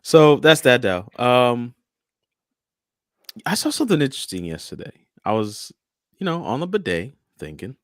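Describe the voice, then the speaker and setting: A man co-hosting a casual podcast roundtable, animated and jokey, acting out quotes as he talks. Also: medium pitch, normal speed, long pauses, no room sound, clean studio sound. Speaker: podcast co-host.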